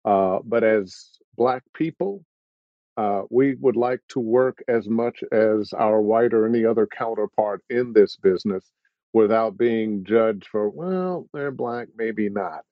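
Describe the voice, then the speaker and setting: A man speaking as a voice actor on a video-call panel, measured and thoughtful, pausing often. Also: on the low side, no echo, muffled recording. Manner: measured, thoughtful, with frequent pauses.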